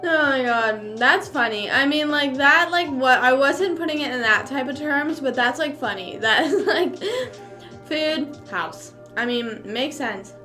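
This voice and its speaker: A young woman rambles through a casual mukbang chat, heavy on fillers and talking around bites of food. Her voice sits a little high for a woman. Soft music plays faintly underneath. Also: a little slow. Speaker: streamer.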